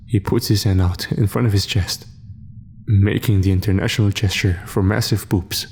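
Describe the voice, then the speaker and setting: Low-voiced man narrating horror. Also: fairly even intonation, normal speed, a little mellow, slight background noise. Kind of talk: scripted first-person horror narration. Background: faint music.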